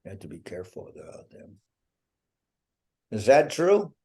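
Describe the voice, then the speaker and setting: A spiritual teacher with a fairly low, dark-toned voice and huge pitch swings talks with devotees over a video call. He chats and jokes in a playful, teasing manner, drawing out his punchlines.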